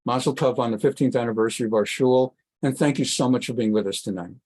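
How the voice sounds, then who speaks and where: A man rabbi giving a Bible study class, reading Hebrew verses and explaining them with animated, emphatic delivery. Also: fast. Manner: animated, voice leaps up high for emphasis; winds down quieter for announcements. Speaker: rabbi teaching a weekly class.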